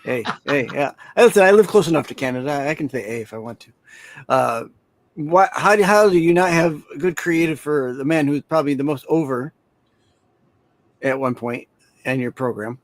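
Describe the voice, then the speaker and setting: A man's voice: fairly high pitch, normal speed, dry recording. A man co-hosts a wrestling podcast with a slightly raised voice, recorded dry and close. He speaks in wry, clipped remarks. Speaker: podcast co-host. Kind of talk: casual wrestling chat.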